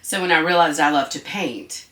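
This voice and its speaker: A woman's voice: deep voice, normal speed. A woman being interviewed as a guest, talking bluntly and animatedly with lots of profanity and acting out what others say. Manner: profane, blunt and animated, acts out quoted voices. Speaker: guest artist. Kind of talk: candid interview conversation. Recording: echoey room.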